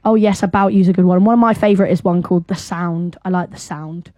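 A woman's voice: lowish voice, fairly even intonation, fast, warm tone, no room sound. Chatty young woman radio co-host. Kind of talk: casual radio chat.

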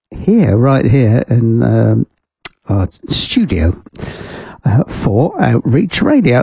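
A man's voice: a little high, gravelly, darkish tone, husky, no echo. A man presenting a community radio show from the studio, chatting casually and rambling with fillers and amused laughs. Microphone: studio microphone.

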